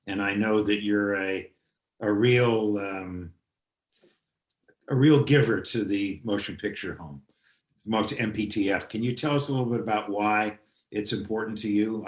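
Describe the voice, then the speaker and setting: Older male host, lowish voice, echoey room. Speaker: interview host. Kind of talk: interview questions. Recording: roomy studio sound.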